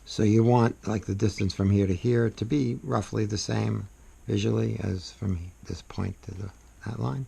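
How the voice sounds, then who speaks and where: A man with a low, deeply gravelly voice and a very husky, breathy edge walks through his lettering in a loose, rambling way. He talks softly as he works, his words often sinking into murmurs. His tone is unhurried and conversational. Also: fairly even intonation. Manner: soft-spoken, rambling, trails off into murmurs. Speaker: calligraphy instructor. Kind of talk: casual demonstration while writing.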